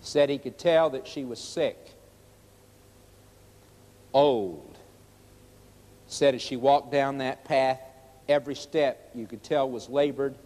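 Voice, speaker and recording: A man's voice: mid-range voice, takes it slowly, pauses often, warm tone. Earnest preacher man in echoing hall. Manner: earnest storytelling, pleading and emphatic. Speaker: evangelist preacher. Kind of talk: evangelistic sermon with story and prayer. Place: church hall with audience. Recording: long reverb of a large hall.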